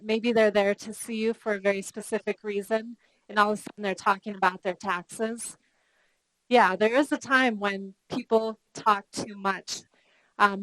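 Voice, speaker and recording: Woman, customer service trainer, lively storytelling, questions to the room, dry sound. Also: mid-range voice, no echo, poor audio. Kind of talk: live training workshop.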